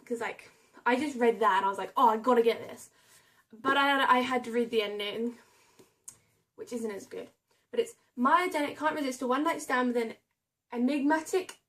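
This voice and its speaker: A young woman chatting casually about books she bought, reading blurbs aloud and stumbling over names and hard words. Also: on the high side. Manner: reads book blurbs aloud. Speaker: book vlogger. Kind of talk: casual chat about a book haul.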